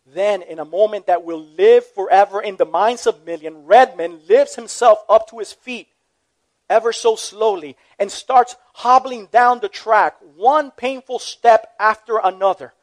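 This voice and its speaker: A man's voice: high-pitched, measured pace. A man preaching a sermon as a pastor, telling a story in an earnest, emphatic way.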